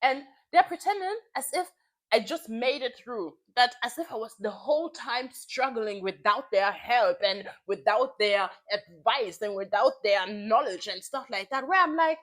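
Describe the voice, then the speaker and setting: A woman's voice: on the high side, measured pace. A woman in her twenties venting in a casual vlog, frank and heated, swearing freely and repeating phrases for emphasis. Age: 20s. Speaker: vlogger.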